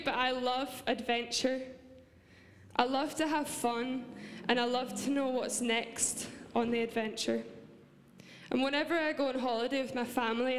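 A young Scottish woman giving an earnest, heartfelt church sermon, now and then breaking into light laughs. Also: on the high side. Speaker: preacher. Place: large church hall. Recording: long reverb of a church hall.

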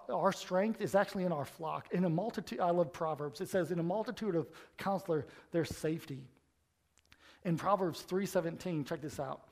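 A preacher delivers a sermon in a high-pitched voice. He talks to the congregation casually, acting out little dialogues. His delivery stays lively and animated. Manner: animated, conversational, acts out quotes.

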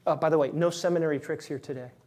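A man's voice: fairly high pitch, fairly even intonation, rapid-fire, a little mellow. A man preaching a sermon as pastor, conversational and emphatic, repeating key words for stress.

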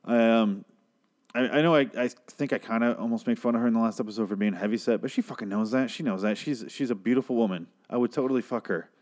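A man's voice: medium pitch, fast talker, darkish tone. A young man casually recapping a TV episode, rambling and swearing, often mimicking characters. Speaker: recap podcaster.

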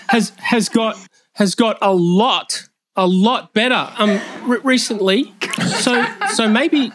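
A man's voice: high voice, fairly bright tone, slight background noise, voice pushed up, poor audio. A man voicing a nervous grown man who stammers and hesitates on nearly every word during a comedy roast bit.

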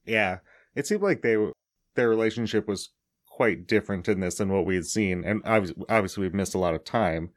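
A man's voice: on the low side, fairly quick. A man hosting a casual podcast chat, explaining things in a loose, chatty way with frequent laughs. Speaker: podcast host.

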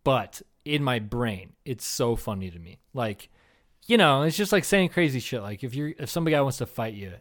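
A man co-hosting a comedy podcast, telling profane, animated stories in a casual chat and jumping into loud acted-out bits. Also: mid-range voice, normal speed.

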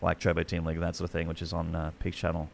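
A man's voice: deep voice, monotone, very fast, gravelly, a little mellow, a little hiss or hum. A man in his thirties with an Australian accent, an esports commentator telling his story in a casual podcast chat, rambling with many restarts and fillers.

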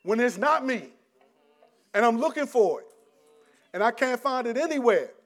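A middle-aged man preaching a conversational sermon, often restarting his sentences and swinging between loud and hushed delivery. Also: extremely high pitch, expressive, moderate pace.

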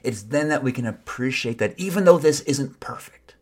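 A man's voice: mid-range voice, lively intonation, normal speed. Earnest man giving a wry sermon. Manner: earnest, wry, self-mocking asides. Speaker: preacher. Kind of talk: reflective sermon.

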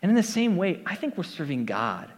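A man's voice: on the high side, very animated, a little fast. A man preaching a casual, conversational sermon to his congregation, with lots of fillers and asides. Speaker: pastor. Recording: long hall reverb.

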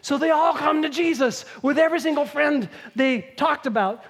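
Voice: high-pitched, normal speed, gravelly. Conversational preacher explaining scripture. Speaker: pastor. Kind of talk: sermon.

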